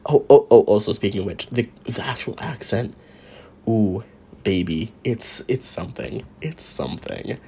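Male podcast host, slightly low voice, wry rambling monologue, keeps cutting himself off. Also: animated, measured pace, creaky, dark tone, a little hiss or hum. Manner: rambling, self-interrupting, wry and sarcastic. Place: at home while drawing.

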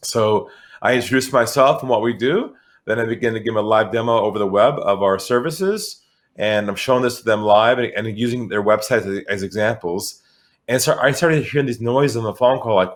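A man's voice: medium pitch, moderate pace. A middle-aged man from San Diego telling a story as an interview guest, acting out the voices of the people in it. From San Diego, California. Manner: animated storyteller, acts out voices. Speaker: guest, sales expert.

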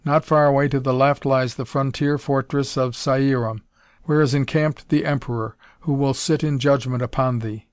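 A man's voice: mid-range voice, fairly even intonation, moderate pace, no echo, natural voice. A man reading aloud and voicing a solemn warrior who speaks in formal, archaic phrasing, in a dry recording. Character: solemn male warrior guide.

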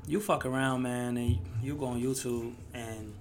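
Male podcast guest, easygoing and reflective, mid-pitched, faint noise in the room. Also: normal speed. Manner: relaxed, slangy, reflective. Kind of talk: casual chat.

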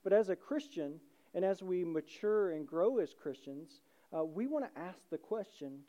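A pastor preaches in a relaxed, chatty way and keeps asking the listeners questions. The voice is warm and mellow, at a middle pitch. The recording sounds dull and slightly lo-fi. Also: normal speed. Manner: conversational, asks rhetorical questions, adds "right?". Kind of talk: sermon.

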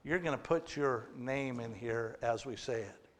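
A man's voice: medium pitch, unhurried. A man preaching a sermon to a congregation, teaching plainly, asking the crowd questions and joking with them. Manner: teaching with humor and audience questions. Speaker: pastor. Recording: long hall reverb.

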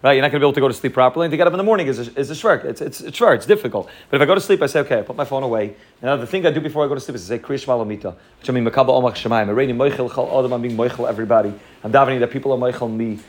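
Rapid-fire man giving a Torah class. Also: mid-range voice. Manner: rapid, repetitive, mixes Hebrew and Yiddish terms into English. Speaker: rabbi teaching a class. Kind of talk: fast Torah lecture.

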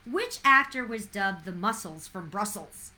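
A woman hosting a casual trivia segment, chatty and excitable, calling on listeners by name. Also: mid-range voice, a little slow. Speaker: trivia host.

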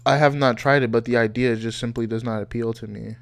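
A young man from Nigeria chatting casually and joking, laughing often, animated and wry. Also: mid-range voice, quick pace, vocal fry. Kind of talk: casual chat.

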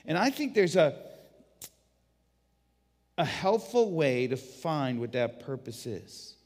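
Higher-voiced pastor preaching in a ringing church. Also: male voice, slow pace, in a large hall. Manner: animated storytelling, frequent restarts. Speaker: guest pastor. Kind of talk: sermon.

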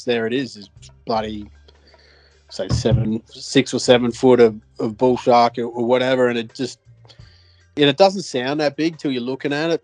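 A man's voice: medium pitch, no room sound. A man with an Australian accent, co-hosting a podcast and telling a fishing story in casual chat, rambling and swearing with lots of fillers and restarts. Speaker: podcast co-host.

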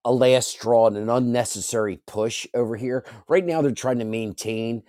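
A man speaks on a casual online panel in a mellow, warm voice. The recording is dry and close. He speaks haltingly, often repeating words and trailing off. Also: mid-range voice, dry recording. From United States. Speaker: panel guest.

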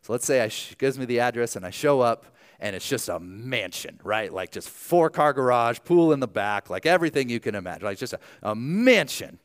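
A pastor from Ohio, delivering a sermon and moving from hushed near-whispers to loud, lively emphasis. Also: male voice, mid-range voice, brisk, hardly any pauses, smooth. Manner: animated, dropping to hushed tones.

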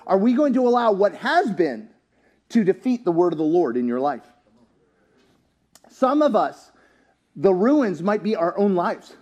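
A man preaching a sermon in a church, animated and joking, rising to shouts at his peaks. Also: sits high, unhurried, pauses often, highs cut off. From US, town near country. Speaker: pastor.

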